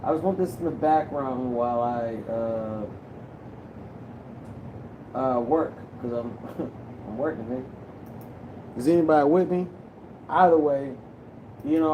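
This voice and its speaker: A man's voice: a little high, background noise. Young male vlogger, rambling and profane, talks casually while he edits. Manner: loose, profane, rambling storytelling with restarts. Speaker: movie vlogger.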